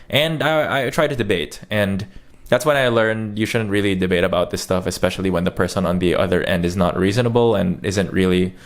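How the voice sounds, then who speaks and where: Low-voiced chatty man, American accent. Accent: American English. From Philippines. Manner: chatty storytelling, acts out quotes. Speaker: YouTuber. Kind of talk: casual vlog to camera.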